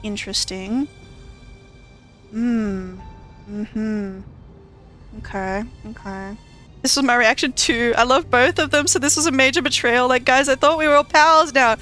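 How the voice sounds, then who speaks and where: A woman's voice: on the high side, a little slow, pauses often, bright, forceful tone, faint music behind. A woman streaming a story game, reacting in casual, exclamatory commentary with frequent swearing and laughter. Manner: exclamatory and profane, often laughing. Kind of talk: casual let's-play commentary.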